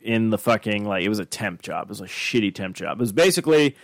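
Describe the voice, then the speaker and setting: A man's voice: fairly low pitch, lively intonation, quick pace, no echo. Podcast co-host: man in his thirties from Arizona, swears a lot, rambles, dry close mic. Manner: rambling, profane storytelling. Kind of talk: casual chat.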